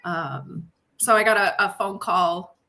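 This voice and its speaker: A woman's voice: medium pitch, steady tone, takes it slowly, bright, forceful tone. A woman co-hosting a livestream in casual chat, telling a rambling story full of fillers. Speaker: livestream co-host.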